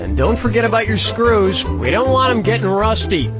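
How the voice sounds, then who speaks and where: A male quiz game host with a snarky, deadpan, mock-condescending delivery. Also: sits high, moderate pace. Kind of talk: scripted sarcastic quiz hosting. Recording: loud game music behind.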